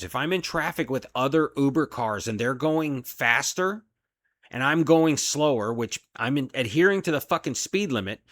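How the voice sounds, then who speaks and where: A man's voice: mid-range voice, a bit bright, no echo. A man, a delivery driver, venting in an angry, profane solo rant about his job. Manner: profane, heated, frustrated.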